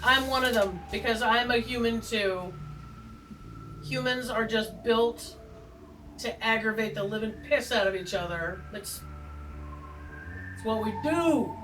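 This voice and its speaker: Slow-talking, chatty woman tarot vlogger. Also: a little high, far from the mic, background noise. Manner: joking, self-deprecating, chatty asides. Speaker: tarot video host. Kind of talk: rambling casual chat. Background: faint background music.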